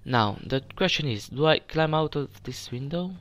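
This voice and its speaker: A man's voice: on the high side, expressive, moderate pace, a bit bright. A young man giving casual gameplay commentary, jumpy, swearing often and stammering when startled. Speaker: let's play gamer.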